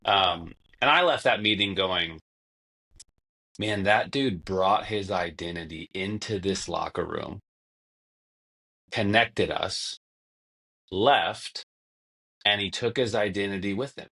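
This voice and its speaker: Young man, low voice, podcast guest, rambling storyteller. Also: takes it slowly, long pauses, sharp tone. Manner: long-winded storytelling, acts out quotes. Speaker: podcast guest, former basketball player. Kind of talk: casual conversation.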